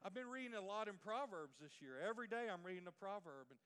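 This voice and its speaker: A man's voice: high voice, animated, fast talker, a bit bright, clear, resonant tone. A male pastor preaching a sermon in a conversational way, putting questions to the congregation. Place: church sanctuary. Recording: long hall reverb.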